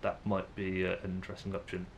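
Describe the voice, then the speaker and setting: A man's voice: deep voice, completely flat delivery, quick pace, gravelly, a little hiss or hum. A young man with a Manchester English accent, musing aloud to camera in a casual vlog, hesitant and full of ums and restarts. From England. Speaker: vlogger.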